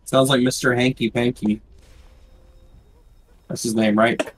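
A man's voice: medium pitch, flat delivery, a little slow, slight background noise, low-quality recording. A man playing along on a live-stream, making laid-back, offhand comments in casual gaming chat. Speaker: co-player on stream.

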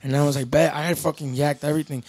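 A young man tells a story on a podcast, loose and full of swearing, switching between Spanish and English. His voice sits a little high for a man. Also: fairly even intonation, racing, darkish tone, breathy edge. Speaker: podcast guest, band member. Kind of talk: casual storytelling.

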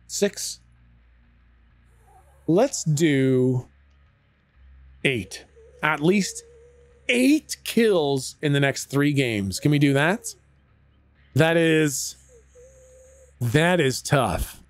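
Canadian male streamer, higher voice, casual and chatty with chat, unhurried delivery. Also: lively intonation, no echo. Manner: laid-back, chatty, frequent laughs and swearing.

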